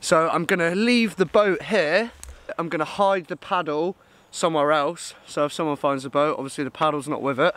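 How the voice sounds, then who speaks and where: A man's voice: on the high side, a bit bright, dry recording. A man talking casually to camera outdoors, by a river and in woods, chatty and laughing often at himself. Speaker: outdoor vlogger.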